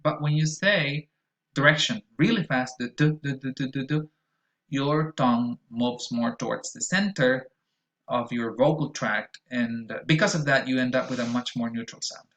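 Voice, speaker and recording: A man's voice: mid-range voice, moderate pace, a bit bright. Patient man teaching pronunciation. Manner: explanatory, patient, models sounds aloud. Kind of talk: recorded video lecture.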